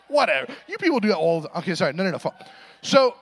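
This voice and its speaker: A man's voice: sits high, very animated, fast talker, slightly rough. A young adult man giving a sermon, telling a funny story and acting out voices in a self-deprecating way. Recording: reverberant hall recording.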